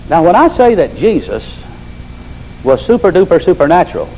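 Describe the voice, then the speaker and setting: A man's voice: fairly high pitch, very animated, normal speed, darkish tone, a little hiss or hum, poor audio. An older man preaching a sermon, telling folksy stories with emphatic repetition.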